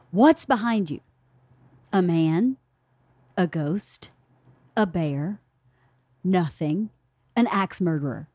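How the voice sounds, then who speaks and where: A woman's voice: medium pitch, a little mellow, no echo, studio quality. A middle-aged woman hosting a casual book club podcast, telling family stories in a chatty way. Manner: chatty storyteller, acts out family dialogue. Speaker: podcast host.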